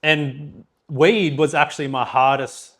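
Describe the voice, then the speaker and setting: A man's voice: on the high side, fairly even intonation, slow pace. A young Australian man co-hosting a podcast, telling his own story in blunt casual chat and swearing often. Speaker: podcast co-host.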